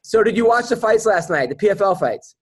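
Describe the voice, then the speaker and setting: A man with a high-pitched voice hosts a loose, casual podcast chat. He rambles through his stories, stopping and restarting his sentences as he goes. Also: animated, a little fast, slightly rough. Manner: rambling storyteller with many restarts. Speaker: podcast host.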